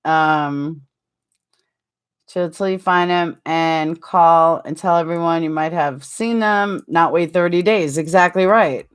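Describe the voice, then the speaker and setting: A middle-aged woman hosting a casual live-stream chat, rambling and animated, answering viewers with frequent ums and quick asides. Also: clear, resonant tone. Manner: animated, jumps higher when acting out quotes.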